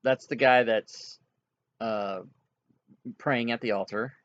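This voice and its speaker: A man narrating as game master of a tabletop game, halting and full of fillers. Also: medium pitch, fairly even intonation, lo-fi sound. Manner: halting, filler-heavy, chuckles at players.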